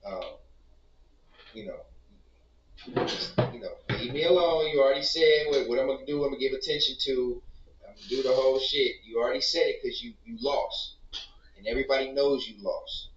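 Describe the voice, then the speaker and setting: A man's voice: medium pitch, a little fast, noisy background. Man trash-talking on a roomy livestream. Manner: laid-back, swears a lot, trash-talks. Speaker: livestream host reacting to clips. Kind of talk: casual livestream chat. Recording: roomy, distant, dull stream audio.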